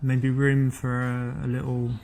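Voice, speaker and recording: A man's voice: medium pitch, monotone, a little slow, vocal fry, a little mellow, slight background noise. Awkward stumbling flirting man. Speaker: dating coach playing himself. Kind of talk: live-action game dialogue.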